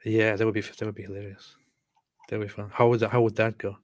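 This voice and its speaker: Low-voiced man, hesitant podcast co-host. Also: little pitch movement, fast talker, no echo, clean studio sound. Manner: hesitant, filler-heavy, agreeable. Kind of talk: casual chat.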